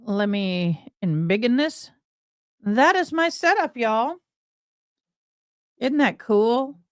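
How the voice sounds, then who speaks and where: A woman's voice: a little high, lively intonation, slow pace, smooth, no room sound, studio quality. A woman with a Texan accent, hosting a casual livestream in a chatty, bubbly way and often saying y'all. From Tennessee, USA. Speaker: livestream host.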